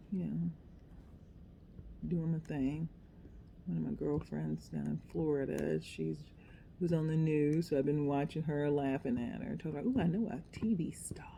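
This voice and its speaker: Woman, middle-aged, mellow tone, rambling craft chat, self-deprecating, mutters to herself. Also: low-pitched, vocal fry, a little hiss or hum. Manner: chatty, self-deprecating, talks to herself while working. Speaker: craft vlogger.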